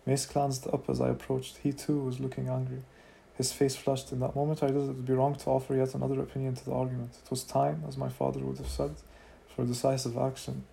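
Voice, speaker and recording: A man's voice: mid-range voice, monotone, fast, gravelly, hardly any pauses, warm tone, slight background noise. A man reading a fantasy novel aloud in first person, as an amateur audiobook, now and then adding asides of his own. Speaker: reader of a novel.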